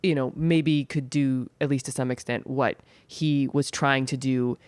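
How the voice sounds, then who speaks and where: A man's voice: medium pitch, steady tone, unhurried, clear, resonant tone, no echo. A man in a casual film podcast, thinking aloud reflectively about a character's meaning. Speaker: podcast co-host.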